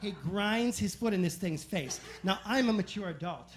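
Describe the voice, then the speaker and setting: A man telling animated, self-mocking stories as a stand-up comedian on a club stage. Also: high-pitched, noisy background. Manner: animated, self-mocking anecdotes with quick asides. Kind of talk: stand-up storytelling.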